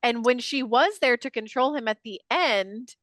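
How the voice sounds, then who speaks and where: Higher-voiced woman, dry close sound. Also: moderate pace, fairly bright tone, dry recording. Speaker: podcast co-host. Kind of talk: casual movie discussion.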